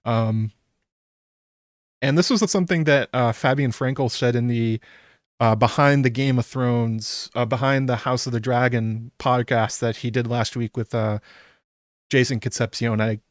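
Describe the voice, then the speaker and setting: A man's voice: mid-range voice, dry recording, studio quality. Chatty incredulous man reacting to a show. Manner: chatty and incredulous, laughs often, many ums. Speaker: YouTube aftershow host. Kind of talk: casual solo reaction commentary.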